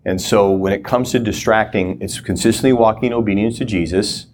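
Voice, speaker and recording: A man's voice: fairly low pitch, fairly even intonation, brisk, darkish tone, a little hiss or hum. A man giving a conversational teaching talk, often acting out short prayers and inner thoughts. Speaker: guest teacher.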